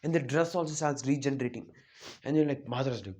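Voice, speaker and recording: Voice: mid-range voice, quick pace, darkish tone. A fan storyteller casually narrating an anime what-if plot off the cuff, rambling with many fillers and self-corrections.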